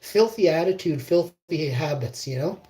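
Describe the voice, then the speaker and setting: A man's voice: a little high, animated, moderate pace, mellow. A man livestreaming a long, meandering monologue of stories, swearing and trailing off mid-sentence. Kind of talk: rambling anecdotal monologue. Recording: roomy echo.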